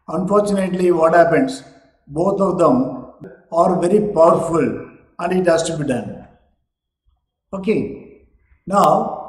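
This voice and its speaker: A man lecturing students, slow and emphatic, stretching his key words. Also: fairly high pitch, a little mellow, echoey room, low-quality recording. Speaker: teacher.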